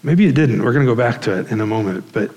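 A man's voice: mid-range voice, expressive, quick pace, darkish tone, in a large hall, low-quality recording. A male pastor preaching a sermon in a conversational way, with fillers and restarts.

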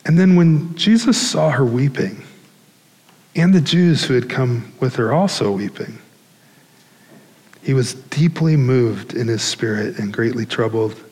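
A man's voice: mid-range voice, expressive, unhurried, darkish tone, long reverb tail, poor audio. A male pastor preaching a sermon in a conversational way, with fillers and restarts.

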